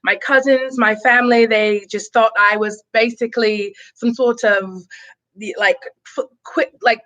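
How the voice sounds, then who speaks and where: A fairly high-voiced woman hosts a casual live stream from her living room by the fireplace. She is chatty and bubbly, laughs often and fills her talk with ums and you-knows as she answers viewer comments. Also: fairly even intonation, measured pace, a bit bright. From born in Boston, raised in Tampa, Florida, US.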